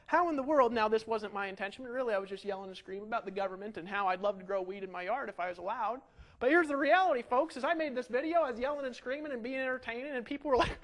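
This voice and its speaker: A man with a high voice gives an energetic marketing webinar from his home setup. He talks in a pushy, animated sales patter and keeps firing rhetorical questions at his viewers. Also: low-quality recording.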